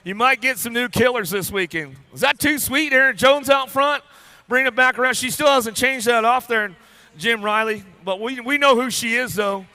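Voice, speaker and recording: A man doing live race commentary at a BMX track, rattling off rider names in a rapid-fire, playful way and joking with riders and crew. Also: extremely high pitch, bright, forceful tone, no echo. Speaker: race announcer.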